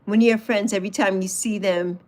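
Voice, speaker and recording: A woman in her sixties hosts a casual livestream, chatting fondly, reminiscing, and answering viewer comments along the way. Her mid-range voice has a steady, darkish tone, and she talks fairly quickly.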